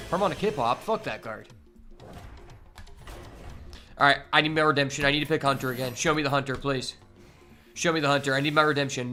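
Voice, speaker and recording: Brief: male streamer, slightly high voice, excitable and foul-mouthed, chatting with viewers over faint music. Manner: profane, excitable, talks to chat. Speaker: game streamer. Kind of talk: casual live-stream commentary while playing.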